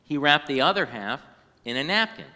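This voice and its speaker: A man reading a children's storybook aloud in a synagogue, animated and now and then singing short phrases. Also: fairly high pitch, moderate pace, in a large hall. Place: synagogue sanctuary.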